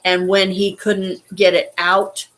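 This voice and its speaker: A woman telling a personal story in a halting, shaken way, holding back tears and swearing now and then. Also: mid-range voice, flat delivery, fairly bright tone. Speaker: vlogger.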